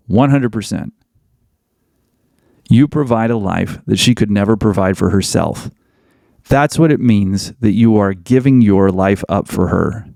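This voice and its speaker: A man's voice: lowish voice, creaky, darkish tone, no echo, studio quality. A man hosting a podcast, delivering a blunt, emphatic monologue that hammers points home through repetition. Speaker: podcast host.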